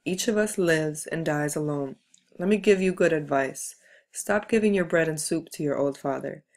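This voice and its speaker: A hardened middle-aged doctor gives cold advice in a flat, blunt lecture, as a woman reads him. Her voice sits low for a woman's and is barely changed from her own. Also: moderate pace.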